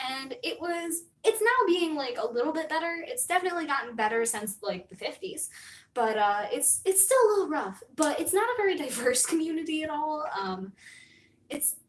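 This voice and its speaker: Rambling high-voiced American woman streamer. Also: very animated, brisk, echoey room, slight background noise. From United States. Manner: rambling, filler-heavy, laughs often. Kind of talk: casual stream chat.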